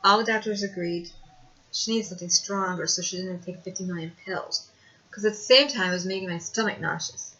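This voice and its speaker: A woman's voice: lowish voice, a little fast, sharp tone. A woman telling a personal story to camera in a rambling, conversational way, with hesitations. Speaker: video blogger. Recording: dull lo-fi home recording.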